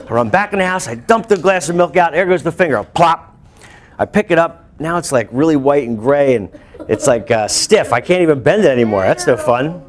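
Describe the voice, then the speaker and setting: A male teacher telling a lively personal story to his students, breaking into shouts and laughter. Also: on the high side, fairly quick. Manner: animated, bursts into shouts and laughs while telling. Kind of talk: storytelling to a class.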